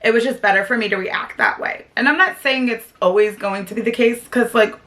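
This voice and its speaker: A woman's voice: a little high, a little fast, bright, forceful tone. A young woman vlogging as a stay-at-home mom, talking in a chatty, earnest way and saying "like" often. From South Jersey, USA. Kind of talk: casual talk to camera.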